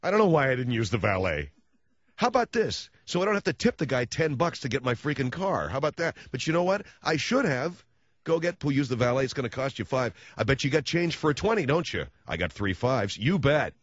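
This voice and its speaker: Brisk and mid-range in pitch, a male radio host delivers an animated, ranting comic monologue from the studio, rambling through stories with sarcastic asides. There's no echo, though the high frequencies are cut off.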